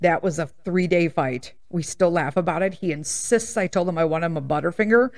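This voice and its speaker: A woman in her fifties hosting a podcast, telling candid stories in a blunt, sassy, animated way. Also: lowish voice, fairly quick. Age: 50s. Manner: blunt, animated storytelling with laughs and sass. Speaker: podcast host. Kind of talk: candid casual monologue.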